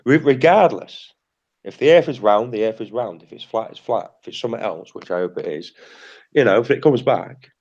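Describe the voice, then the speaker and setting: A man's voice: medium pitch, lively intonation, fairly quick, a little mellow, husky, highs cut off. A British man hosting a livestream in casual chat, blunt and repetitive, swearing freely. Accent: British English. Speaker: livestream host.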